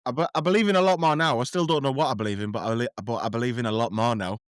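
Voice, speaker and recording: A man's voice: mid-range voice, steady tone, very fast, clean tone, no echo, studio quality. A man talking as a podcast guest in a casual chat, rambling and self-deprecating, often tripping over his words.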